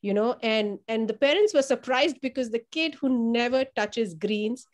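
Animated woman telling child care stories. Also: fairly high pitch, moderate pace. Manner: animated storyteller who acts out quotes in a raised voice; repeats words while thinking. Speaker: family child care provider. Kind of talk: conversational testimonial.

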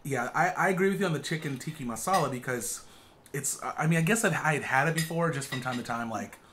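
Relaxed man chatting while eating. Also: mid-range voice, fast, slight background noise. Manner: relaxed, agreeable, talks while eating with many hums. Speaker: co-host of a couple's channel. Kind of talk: casual mukbang chat.

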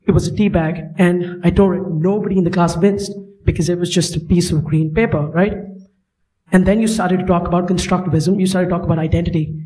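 A man's voice: high voice, steady tone, fairly quick, dark tone, low-quality recording. Impassioned young man from India. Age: young adult. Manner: impassioned, personal storytelling. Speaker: student audience member asking a question. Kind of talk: emotional audience question.

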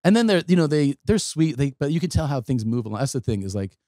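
A man's voice: mid-range voice, big pitch swings, fast talker, mellow, no room sound, studio quality. A middle-aged man, a guest comedian, telling stories in casual podcast chat, acting out other people's lines, swearing and laughing as he talks.

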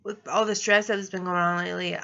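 A woman's voice: on the low side, flat delivery, fast, vocal fry, pushed and bright, lo-fi sound. A young adult woman vlogging, telling a personal story in a rambling, casual way and laughing through it.

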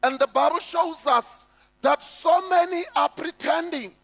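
South African pastor, emphatic sermon, unhurried delivery, echoey hall. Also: male voice, extremely high pitch, vocal fry, fairly bright tone. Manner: emphatic preaching, rhetorical questions to the congregation. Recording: echoey hall with faint music.

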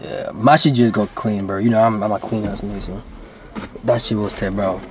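A man's voice: on the low side, fairly even intonation, fairly quick, slight background noise. A man vlogging to his viewers in casual chat, rambling and slangy, swearing and saying bro constantly.

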